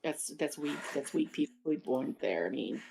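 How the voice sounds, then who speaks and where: A woman chatting quickly as a guest player over voice chat. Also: sits low, expressive, gravelly, a little mellow, a little hiss or hum. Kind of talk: casual voice chat. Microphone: voice chat headset.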